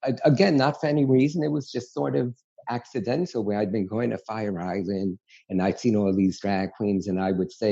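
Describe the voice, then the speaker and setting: A gravelly, husky man tells stories in a lively, chatty way. His voice sits low and mellow. The audio sounds dull and lo-fi, as if over a remote line. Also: moderate pace, few pauses. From New York City. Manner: animated, chatty, frank storyteller. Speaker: guest. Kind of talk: candid storytelling interview.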